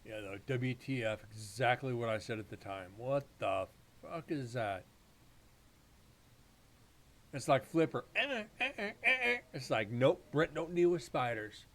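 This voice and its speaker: A man's voice: medium pitch, measured pace, pauses often. A man hosting a live paranormal stream, telling rambling, profane stories in casual chat.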